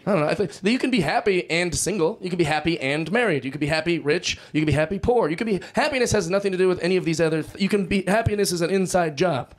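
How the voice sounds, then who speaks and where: A man's voice: high voice, quick pace, hardly any pauses. A man in his thirties doing a stand-up routine, wry and self-deprecating, acting out little scenes. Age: 30s. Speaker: stand-up comedian. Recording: loud noisy live recording.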